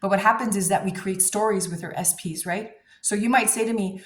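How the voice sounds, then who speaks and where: A woman coaching viewers on manifestation in a casual, blunt, animated way, swearing freely. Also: medium pitch, brisk, reverberant. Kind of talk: casual advice talk to camera.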